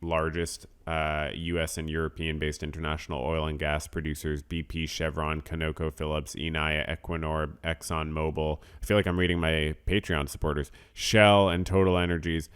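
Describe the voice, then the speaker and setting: A man's voice: rumbling low, level tone, normal speed, few pauses, a bit bright, clear, resonant tone. A man hosting a podcast in a casual, rambling way, reading out supporter names and news, often trailing off into self-deprecating mutters. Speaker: podcast host.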